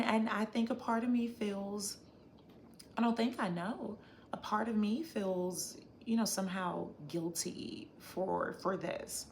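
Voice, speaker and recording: A woman hosting a casual livestream, reading viewer comments aloud and reflecting in a chatty, thinking-out-loud way. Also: medium pitch, steady tone, takes it slowly, a little hiss or hum. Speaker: livestream host.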